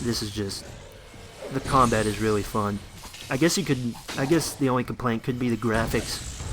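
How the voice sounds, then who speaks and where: A man's voice: lowish voice, noisy background. Rambling young man narrating gameplay. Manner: rambling and enthusiastic, many fillers and restarts. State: shivering from cold. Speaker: gameplay commentator. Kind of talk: casual gameplay commentary.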